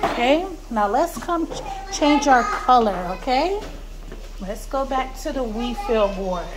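A young woman teacher patiently calming a small child, speaking in a soothing, reassuring way in a classroom. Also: fairly high pitch, measured pace. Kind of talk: gentle coaching of a young child. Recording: noticeable background noise.

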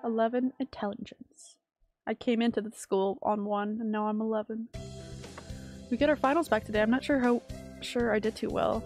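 A woman streamer reading a visual novel aloud and reacting with sudden excited exclamations. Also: fairly high pitch, normal speed, soft background music. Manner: reads game text aloud, breaks into excited exclamations.

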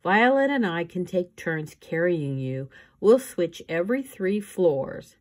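A woman's voice: lowish voice, lively intonation, slow pace, voice pushed up. A woman voicing a tired, bookish teenage boy in a storybook reading. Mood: weary.

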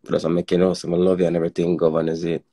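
A man from Nashville, Tennessee, calling in after work. He talks briefly in a relaxed, friendly way. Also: low-pitched, rapid-fire, dry recording, clean studio sound. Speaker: caller, kitchen worker.

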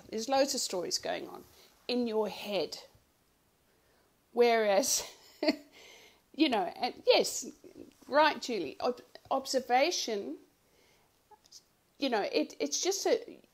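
A woman's voice: a little high, expressive, unhurried. A woman coach giving a live online workshop talk, chatty and conversational, often laughing and greeting viewers by name. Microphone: home computer mic on a live stream.

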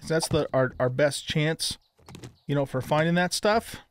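A man's voice: fairly high pitch, measured pace, a little hiss or hum. Chatty older man narrating gameplay. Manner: chatty, frequent ums and restarts. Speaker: gaming YouTuber. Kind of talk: casual gameplay commentary.

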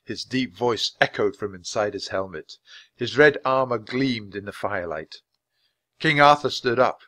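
A man reading a children's storybook aloud at a steady, clear pace for English learners. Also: mid-range voice, measured pace, dry recording. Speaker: storybook reader. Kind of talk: scripted narration for English learners.

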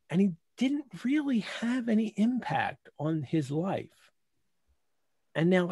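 A man hosting a live video call, giving heartfelt, halting thanks to his co-hosts and audience while holding back tears. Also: on the high side, darkish tone, dry recording. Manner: heartfelt, halting, many restarts. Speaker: host. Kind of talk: emotional closing remarks on a live video call.

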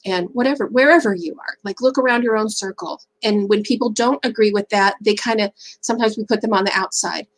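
A woman's voice: mid-range voice, fairly quick, hardly any pauses, low-quality recording. A middle-aged woman speaking at a faith-based seminar, candid and conversational, often checking in with "right?".

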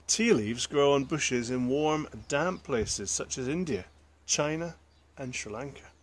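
A man's voice: medium pitch, measured pace. A man reading a children's picture book aloud, adding chatty asides to the listeners. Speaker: storyteller.

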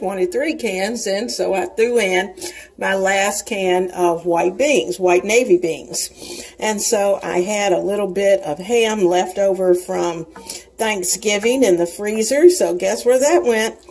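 A woman's voice: mid-range voice, a little mellow, slightly rough, low-quality recording. A woman in her sixties hosting a cooking show from her home kitchen, chatting to viewers in a homey way as she cooks. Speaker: cooking channel host. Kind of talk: casual cooking demonstration.

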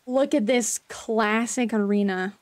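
A woman's voice: a little high, unhurried. A young woman streaming a game, reacting with emotion and rambling with many fillers. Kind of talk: live game commentary.

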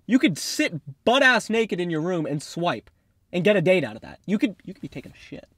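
A man's voice: high voice, very animated, a little fast, fairly bright tone, dry recording. Young man giggling on a film set. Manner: laughing fits, joking, swearing. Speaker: actor. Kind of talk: on-set blooper banter.

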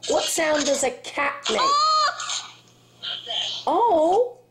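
A woman's voice: sits high, animated, very slow, background noise. A woman on a home video, playfully quizzing a toddler with questions and animal sounds. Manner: playful, laughing baby talk with animal sounds.

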